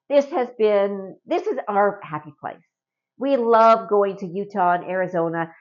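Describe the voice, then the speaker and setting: A woman's voice: medium pitch, lo-fi sound. Chatty earnest Canadian woman vlogging. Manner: chatty and earnest, with frequent rhetorical "right?". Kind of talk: casual talk to camera.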